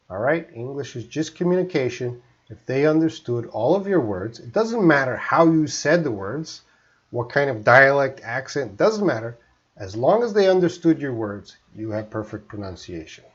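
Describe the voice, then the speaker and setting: A man from Canada teaching English on a live stream, speaking slowly and deliberately and often checking that listeners follow. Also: mid-range voice, slightly rough, highs cut off. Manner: slow, deliberate teacher talk with frequent check-ins.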